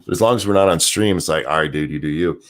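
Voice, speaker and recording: A man's voice: a bass voice, fast talker. A man hosting a casual podcast chat, bantering in a crude, joking way. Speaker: podcast host and streamer.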